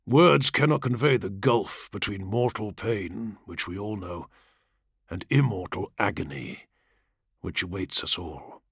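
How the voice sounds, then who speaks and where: A man reading the part of a grave, earnest male warrior-priest, speaking low, soothing and solemn, in an audiobook. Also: a little slow, gravelly, slightly rough, no room sound, clean studio sound, heavily acted.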